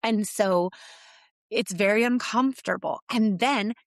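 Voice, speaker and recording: A middle-aged woman, a business coach, telling a story in a podcast monologue and acting out her clients' inner voices with animated shifts. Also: medium pitch, measured pace, gravelly, dry recording, clean studio sound.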